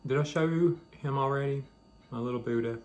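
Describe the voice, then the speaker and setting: A man's voice: mid-range voice, a little fast, noisy background. A man hosting a home video, chatting casually and rambling between bites of food. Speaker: vlog host. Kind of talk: casual chat while eating.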